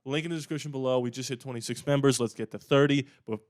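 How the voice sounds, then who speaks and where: A man talks through his opinions in a casual, emphatic way, like the host of his own sports channel. His voice is smooth and clear at a middle pitch. The sound is dry and close, with no room echo. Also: fairly even intonation, fast talker.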